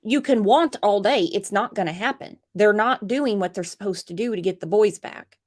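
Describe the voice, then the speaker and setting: In a mid-range voice at a moderate pace, a woman runs a true crime livestream, bantering casually with a guest. She is animated and reads out comments from viewers.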